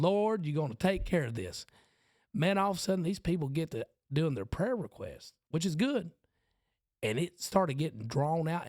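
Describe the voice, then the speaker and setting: A man's voice: on the high side, dry recording, clean studio sound. A man in his forties with a Southern accent, a podcast host and preacher telling a self-mocking story in casual chat. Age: 40s.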